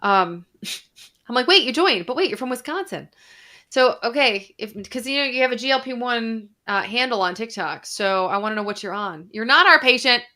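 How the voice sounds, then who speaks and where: In her casual live Q&A from Arizona, a female doctor chats openly, voices viewer comments and swears mildly. Her tone is high-leaning, pushed and bright, at a moderate pace.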